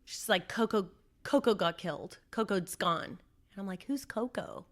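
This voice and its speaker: Woman from Southern California, interview guest, middle pitch, animated storyteller acting out quotes. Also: moderate pace. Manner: animated storyteller, acts out her own quotes. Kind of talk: recounting a personal story.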